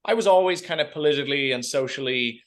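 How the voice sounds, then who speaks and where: A man's voice: fairly high pitch, fast. An Irish man in his thirties, a guest in a casual podcast interview, who often stops and repeats words while he thinks.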